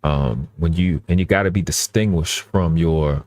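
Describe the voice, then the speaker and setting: A man's voice: sits low, moderate pace, darkish tone, no room sound. A man talking earnestly in casual live-stream chat, often restarting and repeating his phrases.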